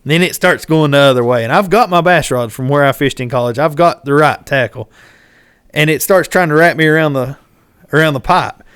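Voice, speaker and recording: A man, hosting a podcast and telling a fishing story in casual chat, animated and acting out what people shouted. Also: a little high, fairly quick, clear, resonant tone, no echo, studio quality. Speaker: podcast host.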